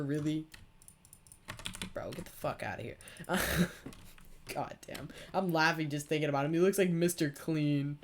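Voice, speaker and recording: This gaming channel host is a teenage boy whose male voice is on the high side, heard with slight background noise. Playing along, he tells a casual story that rambles, drips with sarcasm and is full of swearing.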